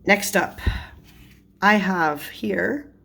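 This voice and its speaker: A woman's voice: mid-range voice, drawn-out words, gravelly, bright, forceful tone, a little hiss or hum. A young woman chatting casually about tarot cards, often breaking into giggles mid-sentence. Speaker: tarot video creator.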